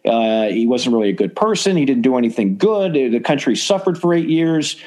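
A man hosting a casual sports podcast, talking in an animated, opinionated way and rambling with restarts. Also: mid-range voice, fairly quick. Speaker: podcast host.

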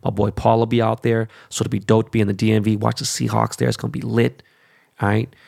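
This is a man talking off the cuff to his audience, swearing freely and jumping between topics with restless hype. His voice sits fairly low with a rough, gravelly fry running through it. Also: little pitch movement, quick pace, darkish tone. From Korean descent stated, not origin. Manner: profane, rambling, hyped sports talk. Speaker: vlogger. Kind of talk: casual rant to camera.

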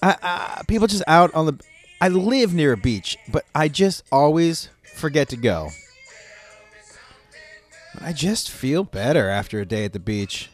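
A touring performer chatting casually in a hotel room, his voice hoarse and rough as if he had been smoking, talking in a rambling, self-mocking way. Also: a little high, animated, unhurried, faint music behind. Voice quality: rough, smoky-sounding. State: hoarse, lost voice. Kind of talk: casual vlog chat.

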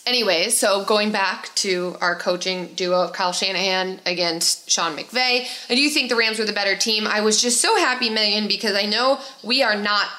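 A woman co-hosting a casual sports podcast, opinionated and quick with banter. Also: mid-range voice, bright, forceful tone. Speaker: podcast co-host.

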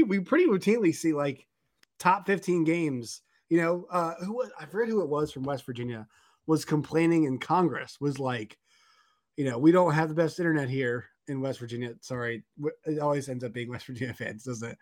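A man hosting a casual sports podcast, animated and rambling with lots of fillers. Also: on the high side. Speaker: podcast host.

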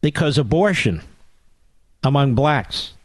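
A man's voice: mid-range voice, animated, slow pace, no room sound. A man hosting a political talk radio show, delivering a combative, sarcastic monologue.

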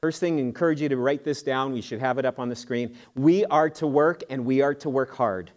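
A man's voice: mid-range voice, brisk, a little mellow. A middle-aged man, a pastor, preaching in church in an earnest, emphatic way with homely jokes and asides. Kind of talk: sermon. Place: church sanctuary.

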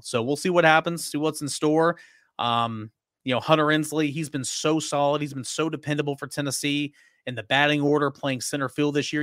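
Animated sports reporter, dry sound. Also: male voice, mid-range voice, dry recording. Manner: animated storytelling, emphatic repetitions. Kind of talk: casual sports recap.

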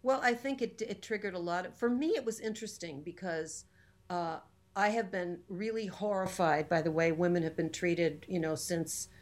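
A woman's voice: lowish voice, fairly even intonation, moderate pace. A woman in her fifties talking in a casual chat, impassioned and indignant, pressing her points with emphasis.

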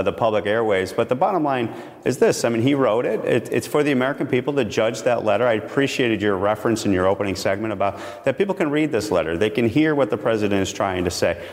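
A man appearing as a congressman guest in a news interview, answering in a measured, hedging way. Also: lowish voice, long reverb tail.

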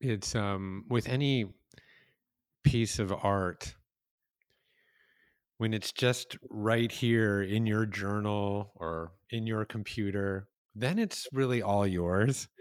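Middle-aged male host, very low and smooth, reflective and unhurried, dry close-mic sound. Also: no echo. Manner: slow, reflective, hesitant. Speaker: podcast host. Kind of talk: casual conversation.

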